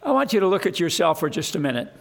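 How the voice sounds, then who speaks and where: A man's voice: sits high, big pitch swings, very fast, vocal fry. A man preaching a sermon, earnest and emphatic, building to fervent appeals to his congregation.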